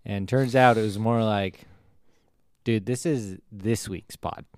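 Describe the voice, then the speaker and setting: Low smooth-voiced man chatting on a podcast. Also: fairly even intonation, slow pace. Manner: conversational, hedging, lots of restarts and fillers. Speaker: podcast co-host. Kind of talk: casual chat.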